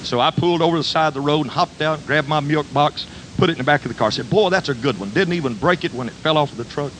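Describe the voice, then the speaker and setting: An older man preaching, telling a homespun story in a folksy, animated way with country dialect. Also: on the high side, fast talker, a little hiss or hum, low-quality recording. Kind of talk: storytelling sermon.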